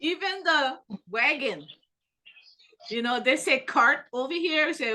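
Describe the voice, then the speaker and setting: A woman's voice: high voice, slow. A middle-aged woman from Hawaii with a light pidgin-tinged accent, casually telling family stories and laughing often. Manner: laughs often, animated when quoting family. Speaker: interviewee. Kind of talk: casual storytelling.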